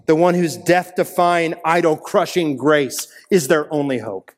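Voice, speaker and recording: Man, pastor, sermon, earnest, emphatic peaks, higher pitch, echoing hall. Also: slow pace. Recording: long reverb of a large hall.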